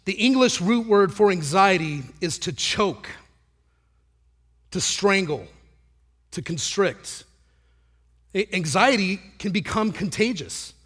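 A man's voice: sits high, a bit bright. A middle-aged man preaching a conversational sermon, telling stories with many restarts. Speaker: pastor.

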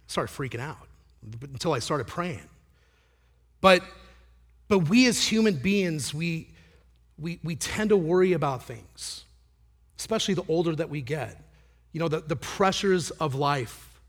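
A middle-aged man preaching a conversational sermon, telling stories with many restarts. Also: on the high side. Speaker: pastor.

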